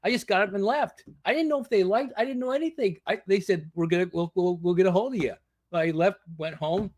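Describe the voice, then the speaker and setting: A man's voice: sits high, a little fast, darkish tone, no echo, studio quality. A man, a guest and former reality show contestant, tells stories in casual chat, acting out other people's lines with laughter.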